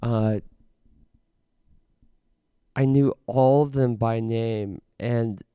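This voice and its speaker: A young man hosting a podcast, rambling through an absurd comic monologue in a deadpan way with mock rants. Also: mid-range voice, extremely slow, clear, resonant tone, dry recording, clean studio sound. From Canada. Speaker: podcast host.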